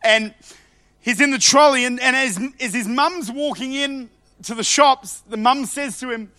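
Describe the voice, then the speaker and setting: A male preacher delivering a sermon in a high, bright, forceful voice. He jumps from hushed asides up to fervent shouts and often stumbles into repeated words. The sound is close and dry. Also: a little slow, dry recording. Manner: passionate, swings between loud shouts and quiet asides, repeats words.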